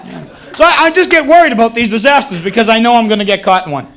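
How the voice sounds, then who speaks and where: His pitch is extremely high and his tone fairly bright as he rattles along quickly, with slight noise behind him. He's a thirtysomething Boston-area stand-up comic doing a wry, self-mocking routine on a club stage to a laughing audience, recorded for 1980s cable TV with audible crowd laughter.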